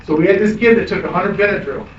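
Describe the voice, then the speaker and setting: A man's voice: sits high, quick pace, lo-fi sound, a little hiss or hum. A middle-aged man teaching an EMS class, blunt and profane, quizzing students between stories. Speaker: EMS instructor. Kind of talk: classroom lecture with anecdotes. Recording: echoey room, distant mic.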